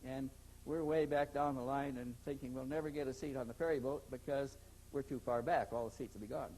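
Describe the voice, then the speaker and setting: A man's voice: mid-range voice, steady tone, a little fast, darkish tone, slight background noise, poor audio. An older man, an interview guest, telling a long story in a rambling way, repeating words and acting out the dialogue.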